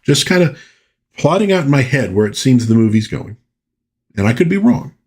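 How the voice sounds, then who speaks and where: A man with a slightly husky voice rambles through casual pop culture chat as the show's host. His pitch rises and falls a lot as he talks, and he keeps drifting into folksy asides. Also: darkish tone. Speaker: podcast host.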